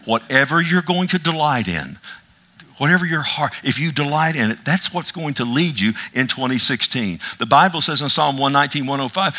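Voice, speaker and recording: A middle-aged male pastor delivering a sermon with a bright, forceful tone. He hammers key words again and again, then drops into joking asides to the congregation. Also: medium pitch. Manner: animated, repetitive emphasis with asides and self-deprecating humor.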